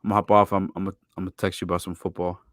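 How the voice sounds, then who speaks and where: A man's voice: low-pitched, little pitch movement, racing. A man hosting a casual sports podcast, chatting loosely and swearing freely with his guest. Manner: loose, profane, laid-back banter. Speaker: podcast host.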